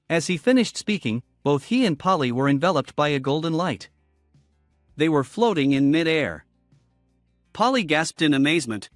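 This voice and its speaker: Lively-pitched man narrating a comic recap. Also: moderate pace, no room sound, clean studio sound. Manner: steady storytelling read. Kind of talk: scripted story narration. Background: faint background music.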